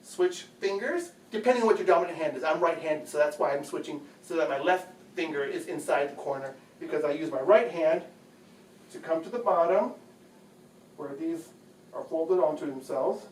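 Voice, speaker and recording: Man, slightly high voice, chatty how-to host, echoey bedroom, mic set back. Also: normal speed. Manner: chatty, patient, repeats phrases. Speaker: home video host. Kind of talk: casual how-to demonstration. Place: bedroom at home. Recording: echoey room, distant mic.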